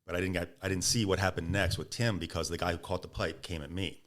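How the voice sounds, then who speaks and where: A man's voice: low-pitched, fast. A man, a podcast guest, casually telling a story and acting out what people said. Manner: animated, acts out quoted speech.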